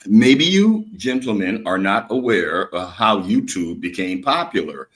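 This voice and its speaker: Man, slow and slurred from drinking, rambling debate talk, lowish voice. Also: very animated, a bit bright. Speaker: guest on live stream. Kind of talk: casual live-stream debate.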